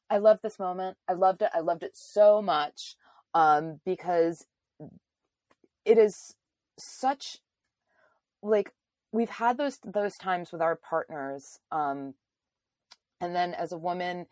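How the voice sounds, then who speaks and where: A woman's voice: lowish voice, slow, long pauses, darkish tone, no room sound. A woman hosting a podcast, chatting animatedly with fillers and frequent laughs. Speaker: podcast host. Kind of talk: casual chat and reading a book excerpt aloud.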